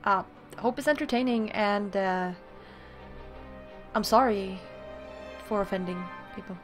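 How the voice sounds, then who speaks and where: A woman's voice: medium pitch, measured pace, soft background music. A woman hosting a casual game playthrough and reading story text aloud, hesitant and self-deprecating with many fillers. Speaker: gaming video host.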